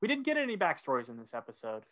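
A man's voice: on the high side, huge pitch swings, very fast, a bit bright. A man co-hosting a casual podcast, walking through an episode step by step and leading the segments. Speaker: podcast co-host.

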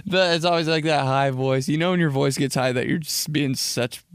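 A young man in his twenties hosts a casual solo podcast, rambling animatedly with plenty of "like" filler and quick switches into jokey high voices. His tone is clear and resonant, recorded at studio quality with no echo.

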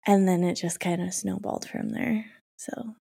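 A woman co-hosting a podcast in casual chat, her voice husky after being ill, laughing and playful. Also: medium pitch, steady tone, normal speed, warm tone. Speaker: podcast co-host.

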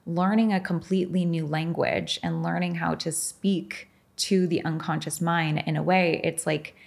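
A woman's voice: lowish voice, steady tone, normal speed, gravelly. A middle-aged woman being interviewed as a podcast guest, telling her story frankly and with animation, swearing and laughing often.

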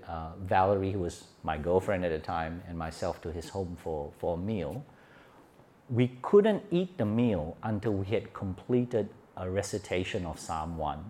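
Low-voiced Australian man preaching. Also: a little mellow. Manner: conversational storytelling with frequent "uh" fillers. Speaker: pastor. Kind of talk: sermon. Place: church retreat session hall.

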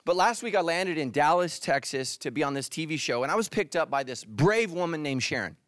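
A middle-aged man preaches with humor, telling stories and then dropping low and quiet to drive a point home. His voice sits a bit high for a man, and the recording is close and dry. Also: expressive, a little fast, no room sound. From California. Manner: humorous storytelling, drops to hushed tones for emphasis. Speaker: pastor. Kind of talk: sermon.

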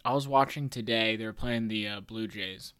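A man's voice: lowish voice, normal speed, a bit bright, clear, resonant tone. A man hosting a casual sports podcast, talking in a playful, jokey way and hyped about his team. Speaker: podcast host.

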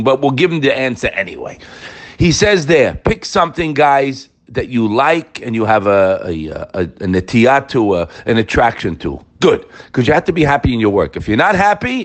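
A man giving an informal Torah class, talking straight to his listeners and repeating key phrases for emphasis. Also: fairly high pitch. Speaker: Torah teacher.

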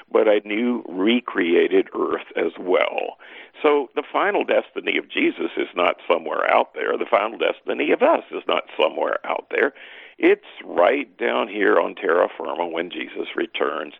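Gravelly animated man on a thin line. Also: no echo, narrow, tinny audio. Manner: animated, emphatic, jumps up in pitch for emphasis. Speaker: guest scholar. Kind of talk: lively teaching talk.

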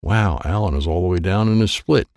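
A man narrating a children's story in an expressive, playful read with sound effects. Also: low voice, a little fast, creaky, no room sound, clean studio sound. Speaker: audiobook narrator.

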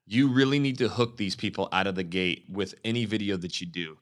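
A blunt, fired-up man with a somewhat low voice who talks casually and frankly. He is a real estate agent coaching other agents in a relaxed live Q&A, full of slang and straight talk. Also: fairly quick.

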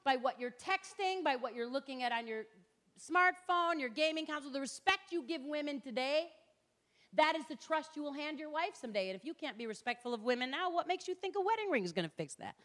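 A woman's voice: high-pitched, lively intonation, a little fast, fairly bright tone. A middle-aged woman giving a passionate public lecture, punchy and direct, acting out the people she quotes. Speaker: public speaker. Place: lecture hall.

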